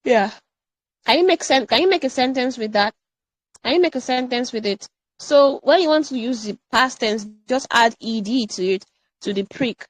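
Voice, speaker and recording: A young woman runs a live English grammar workshop. She talks in a fairly high voice, animated and playful, and keeps repeating example sentences. The sound is dry and close. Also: no echo, low-quality recording.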